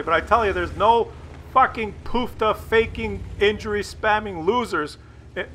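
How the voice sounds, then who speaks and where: A man hosts a gaming channel with a high, keen, bright voice. He rants over gameplay in a coarse, mocking tone and drifts into parody sports commentary. A faint noise sits under the recording. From Canada. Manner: profane, sarcastic, mock play-by-play.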